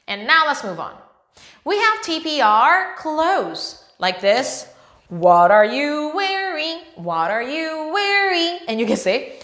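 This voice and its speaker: Animated teacher. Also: female voice, high voice, slow. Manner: animated, exaggerated gasps and repetition. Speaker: English teacher. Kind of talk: children's English lesson. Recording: echoey room.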